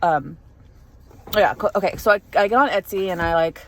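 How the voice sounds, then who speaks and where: A woman's voice: lowish voice, moderate pace, a bit bright. A young adult woman telling a story in a casual vlog, rambling with lots of fillers and restarts. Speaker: vlogger.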